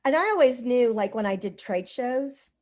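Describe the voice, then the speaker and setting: Higher-voiced female host, rambling anecdotal delivery, casual online talk. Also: animated, moderate pace, a little mellow. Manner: rambling storyteller, lots of "like" and "you know". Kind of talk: casual conversation.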